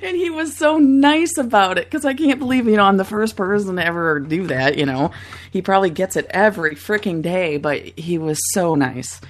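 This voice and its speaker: A woman in her thirties co-hosting a talk show, telling stories in a giggly, animated way. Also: fairly low pitch, fairly quick. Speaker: radio show co-host. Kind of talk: casual chat.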